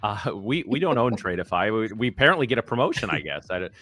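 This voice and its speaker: A man's voice: lowish voice, sing-song, fast talker, pushed and bright, no echo. A man co-hosting a live trading stream, joking in a self-deprecating way in casual banter.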